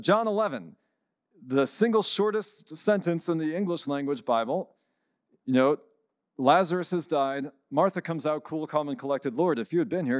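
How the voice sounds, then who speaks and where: A man, a priest, giving a conference talk and telling a story, lively and acting out the people he quotes. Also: on the high side, dry recording, studio quality. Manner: animated storyteller, acts out quoted voices.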